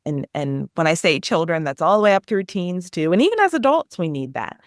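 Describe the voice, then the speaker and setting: A woman with a lowish voice answers interview questions in an earnest, animated way. She talks things through at length and acts out little bits of classroom dialogue. The sound is dry and close. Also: normal speed, dry recording. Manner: enthusiastic, earnest, animated explaining with acted-out teacher questions. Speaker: education consultant guest.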